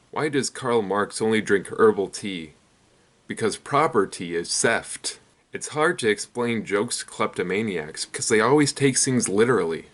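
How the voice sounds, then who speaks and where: A young man hosting his own channel, telling a rapid string of one-liners in a deadpan way. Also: on the low side. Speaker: comedy channel host. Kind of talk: rapid-fire joke telling.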